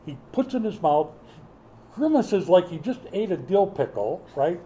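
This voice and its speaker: A man's voice: a little high, big pitch swings, moderate pace, mellow, poor audio. A middle-aged male pastor preaching a sermon, mixing folksy family stories and humor with scripture teaching.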